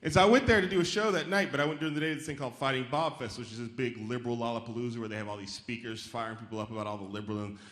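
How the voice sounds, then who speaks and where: This comedian's voice sits in the mid-range, fairly bright and steady in tone, and he races along with few pauses. He riffs casually with the theater crowd during his stand-up set, occasionally putting on chirpy voices, while laughter and faint crowd noise fill the roomy live hall.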